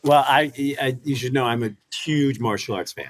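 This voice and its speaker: In a dry recording, a former fighter and commentator in his fifties tells stories as a guest in a casual interview. His mid-range voice moves at normal speed, and he's animated, acting out quotes and laughing often.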